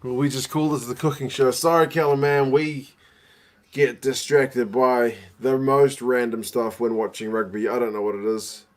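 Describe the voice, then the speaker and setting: A man's voice: mid-range voice, flat delivery, normal speed. A man hosting a casual live watch-along from his living room, chatting and answering viewers' questions. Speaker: livestream host.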